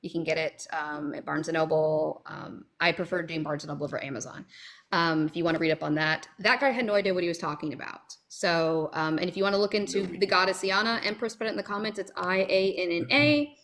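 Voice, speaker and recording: A woman guesting on a stream, speaking earnestly with hesitant pauses and many ums. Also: fairly low pitch, a bit bright. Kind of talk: casual chat.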